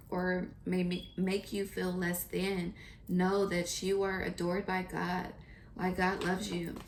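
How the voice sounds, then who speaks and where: A woman talks through a tarot reading in an earnest, chatty way. Her voice sits a little low and has a gravelly fry to it. A faint hiss stays under the recording. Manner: earnest, chatty, often pauses to pray or think. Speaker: tarot reader. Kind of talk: casual spiritual tarot reading.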